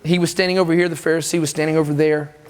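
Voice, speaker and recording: A man's voice: fairly high pitch, racing. A man preaching a sermon at a camp, telling stories with energy and acting out the voices of the people in them. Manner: lively storytelling, acts out quoted voices.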